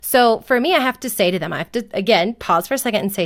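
A woman who is a parent and a guest on a radio show, talking in an earnest, explanatory way and acting out gentle lines she says to her children. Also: medium pitch, expressive, fast talker. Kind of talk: casual studio conversation.

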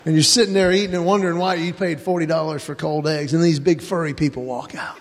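Man, stand-up comedian, animated storytelling, high-pitched, echoing hall. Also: quick pace, background noise. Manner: animated storyteller acting out his kids and himself. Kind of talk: stand-up comedy for a live audience.

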